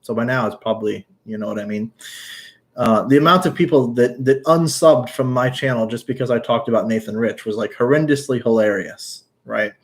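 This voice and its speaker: A man's voice: mid-range voice, brisk. Casual guy, blunt and outspoken, mid-range voice, livestream chat host. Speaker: YouTuber answering live chat.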